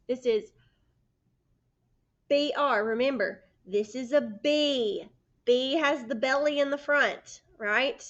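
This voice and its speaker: Woman, first grade teacher; slow, patient phonics delivery, slightly higher voice, dull lo-fi recording. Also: a bit bright. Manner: slow, patient, sounds out letters and prompts the children. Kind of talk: phonics lesson for young children. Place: indoors by a sunny window.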